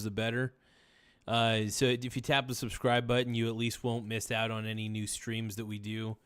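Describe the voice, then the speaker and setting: Tired male streamer, casual rambling talk-show host, medium voice. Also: medium pitch. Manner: rambling, tired and laid-back, says "man" a lot. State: tired, yawning. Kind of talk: casual late-night stream chat reading viewer messages.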